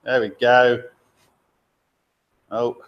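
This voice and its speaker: A man's voice: mid-range voice, flat delivery, lo-fi sound, slight background noise. Guy chatting on a live stream from his garage, rambly and friendly asides, picked up on a camera mic. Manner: loose and chatty, with fillers and quick asides. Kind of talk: casual live-stream chat, reading out viewer comments. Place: garage workshop. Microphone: laptop or camera mic held by a helper.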